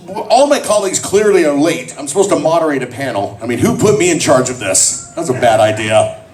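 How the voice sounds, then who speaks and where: A man's voice: fairly high pitch, a little fast, recorded from a distance, slight background noise. A man telling jokes and stories to a convention crowd at a panel. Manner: joking, animated storyteller. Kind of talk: comedic panel talk to a crowd.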